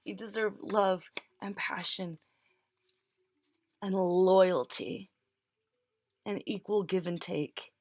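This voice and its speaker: A woman's voice: medium pitch, steady tone, takes it slowly, long pauses, a little mellow, no room sound, clean studio sound. Tearful woman giving a tarot reading. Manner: tearful, laughing, heartfelt, reassuring. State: crying. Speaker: tarot reader. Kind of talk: emotional tarot reading to viewers.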